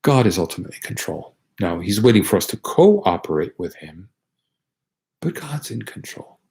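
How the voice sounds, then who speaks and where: Male priest, low and husky voice, earnest conversational sermon. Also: very animated, moderate pace, darkish tone. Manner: earnest, conversational with frequent restarts.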